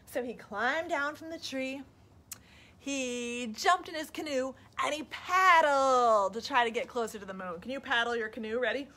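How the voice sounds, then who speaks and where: Woman, librarian, storytime reading, high bright voice, lively, unhurried. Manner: animated, asks the children questions.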